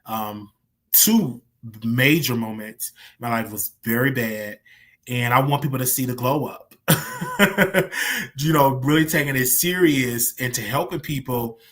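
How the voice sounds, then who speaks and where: Speaking at a measured pace in a medium-pitched, slightly bright voice, a man hosts a livestream. He gets candid and animated about his past in casual commentary, repeating himself often to stress a point.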